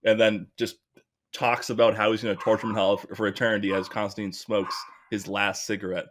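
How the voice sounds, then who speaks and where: A man's voice: lowish voice, fairly quick, slight background noise. Laid-back man retelling a movie scene. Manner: relaxed storyteller, retells scenes with many fillers. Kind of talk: casual chat.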